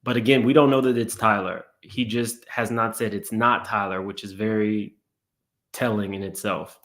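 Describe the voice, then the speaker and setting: A man's voice: fairly low pitch, steady tone, normal speed, fairly bright tone. A man hosting a live stream, chatting casually and reading viewer messages aloud. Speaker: channel host.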